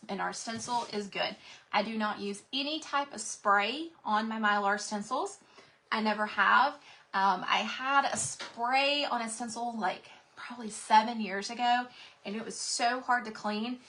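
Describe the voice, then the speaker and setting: A woman's voice: fairly high pitch, a little slow, sharp tone, slight background noise. A woman hosting a live craft stream, chatting casually and greeting viewers by name while she paints, a bit out of breath. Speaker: craft livestream host. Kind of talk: live craft demonstration chat.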